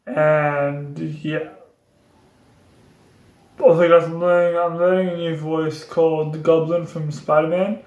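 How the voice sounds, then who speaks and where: A man's voice: a little high, level tone, slow, long pauses, a little mellow, highs cut off. A young man chatting casually in a vlog, explaining voice impressions in a rambling, repetitive way. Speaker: YouTuber doing voice impressions. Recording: echoey room.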